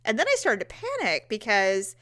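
A woman co-hosting a chatty podcast, her pitch leaping all over as she relives a travel mishap. She slips into high, shrill voices when she quotes herself, then drops back to a mid-pitched, easy tone. It is loose, conversational storytelling. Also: normal speed. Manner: animated storytelling, acting out quotes in high squeals. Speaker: podcast co-host. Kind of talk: casual chat.

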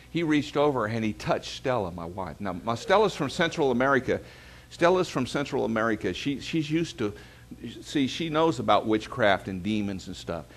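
Man preaching with lively stories. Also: mid-range voice. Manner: storytelling preacher calling for amens. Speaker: pastor. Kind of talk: sermon.

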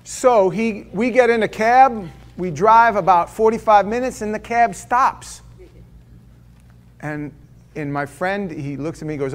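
A man's voice: sits high, moderate pace. A man preaching a sermon as pastor of a church, telling stories in a conversational way and firing off rhetorical questions.

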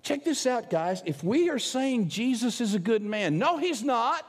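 A man's voice: high voice, animated, moderate pace, darkish tone, big-room sound. A man preaching a sermon as the pastor of a church, telling a personal story in an emphatic, conversational way. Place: church sanctuary.

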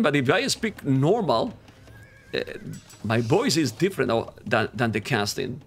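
Excitable male esports caster. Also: medium pitch, a little slow, husky. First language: Spanish. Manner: excitable, animated casting voice, non-native grammar. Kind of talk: live game commentary.

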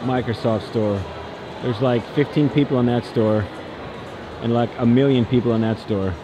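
A man hosting a casual vlog, excitable and cooing in baby talk. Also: mid-range voice, background noise. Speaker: vlog host. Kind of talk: casual vlogging.

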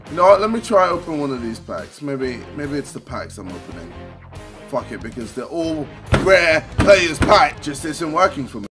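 A man playing video games and commenting on them, shouting and swearing, swinging from yelling to low muttering. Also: expressive, moderate pace, faint music behind. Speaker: gamer commenting on his own play. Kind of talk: loud gaming rage commentary.

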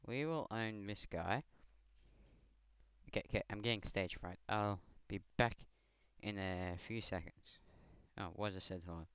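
A man's voice: on the low side, a little slow, a bit bright, smooth, no echo. A teenage man from Scotland with a Scottish accent, giving rambling, self-mocking game commentary over a headset mic, swearing often. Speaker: gamer. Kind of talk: gameplay commentary.

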